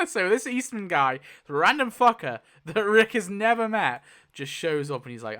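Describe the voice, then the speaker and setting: A man's voice: fairly high pitch, sing-song, moderate pace, hardly any pauses, fairly bright tone. A man hosting a casual video, thinking aloud as he goes, swearing freely and laughing often. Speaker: YouTube host. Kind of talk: casual commentary while spinning a wheel.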